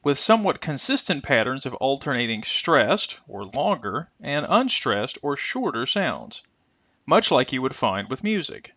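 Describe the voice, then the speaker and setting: Lively-voiced man teaching pronunciation. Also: medium pitch, dry recording, muffled recording. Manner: careful, deliberate, stretches example sounds. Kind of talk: scripted instructional narration.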